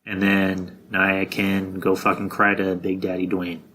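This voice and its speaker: A man hosting his own podcast, talking loosely and bluntly with plenty of swearing and restarts. His voice is bright and forceful and sits a little low for a man. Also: completely flat delivery, a little slow, a little hiss or hum. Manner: blunt and profane, with frequent restarts. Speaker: podcast host. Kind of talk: casual wrestling predictions monologue.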